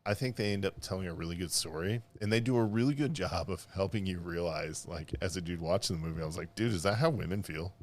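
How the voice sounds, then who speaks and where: In a casual podcast chat, a male co-host rambles along with plenty of fillers, laughing mid-sentence. His voice sits low and is a little mellow, delivered quickly with few pauses.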